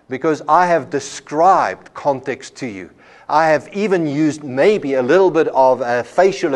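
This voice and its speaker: A man giving a classroom lecture at a Bible college, explaining with everyday examples and often repeating a word as he restarts. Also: medium pitch. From South Africa.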